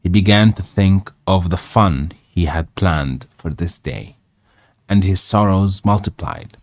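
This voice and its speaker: Deep slow man reading aloud haltingly. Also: no echo. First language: Arabic. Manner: halting reading with self-corrections and asides. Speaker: host. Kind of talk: live read-aloud for English practice.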